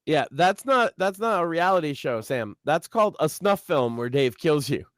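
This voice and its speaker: A man's voice: a little high, animated, normal speed, a bit bright, dry recording, clean studio sound. A man co-hosting a podcast in casual chat, ranting emphatically and swearing as he tells a story. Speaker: podcast co-host.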